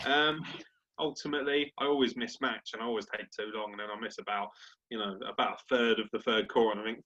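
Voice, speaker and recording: Male co-host, bright, sharp voice, crude banter, slightly dull lo-fi sound. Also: on the low side, fast talker. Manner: crude, swearing, animated banter. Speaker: podcast co-host. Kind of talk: casual sports chat. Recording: dull lo-fi podcast audio.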